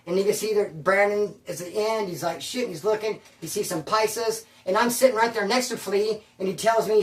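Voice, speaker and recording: A man's voice: high-pitched, fairly quick, few pauses, distant mic. A man telling a prison story in casual, profane slang, animatedly quoting the people in it. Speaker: storyteller recounting prison life. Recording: roomy, voice from afar.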